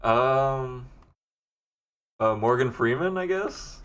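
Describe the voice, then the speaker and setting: A young man with a deep voice co-hosting a podcast, chatting casually in a rambling way and laughing often. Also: animated, slow pace, a bit bright, smooth. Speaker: podcast co-host. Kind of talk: casual chat.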